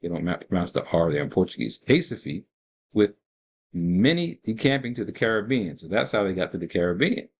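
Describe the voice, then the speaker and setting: A man with a lowish voice reads passages from a book and then comments on them. He stops often to explain what he has read, spell words out and correct his own slips, moving between reading aloud and casual commentary. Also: animated, fairly quick. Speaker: host reviewing a book.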